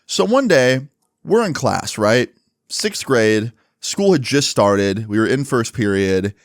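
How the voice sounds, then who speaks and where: A man casually telling a story from his school days, animated and swearing freely with lots of fillers. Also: mid-range voice, dry recording, studio quality.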